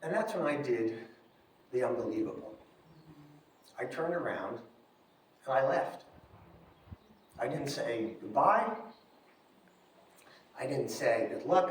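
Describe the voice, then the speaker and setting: A middle-aged man telling a personal story on stage, wry and animated, acting out the lines he quotes. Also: mid-range voice, takes it slowly, pauses often, a little hiss or hum. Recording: echoey room, from far off.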